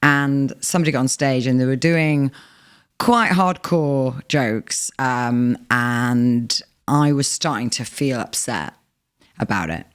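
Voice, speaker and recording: A woman's voice: a bass voice, slow, clear, resonant tone. A woman, a comedian guest on a podcast, telling anecdotes in a chatty way with small restarts. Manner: chatty storyteller, hesitant restarts. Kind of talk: casual podcast chat.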